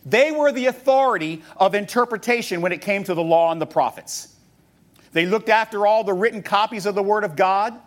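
A man's voice: high-pitched, brisk. A male pastor preaching a sermon, asking rhetorical questions and reading scripture aloud as he teaches.

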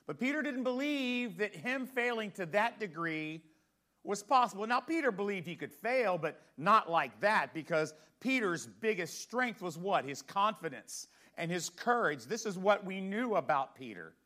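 A man's voice: high-pitched, expressive, normal speed, bright, forceful tone. A man preaching a sermon as pastor, talking conversationally and putting questions to the congregation.

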